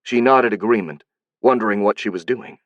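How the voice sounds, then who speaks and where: A man reading an audiobook in a steady, even scripted narration. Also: lowish voice, normal speed, no echo, dull audio.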